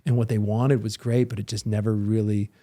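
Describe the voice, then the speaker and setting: Male, 30s, ex-pro athlete guest; lowish, warm voice, rambling and filler-heavy. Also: level tone, fairly quick. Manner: loose, rambling storytelling with many fillers. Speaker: interview guest, former pro snowboarder. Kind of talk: casual interview talk.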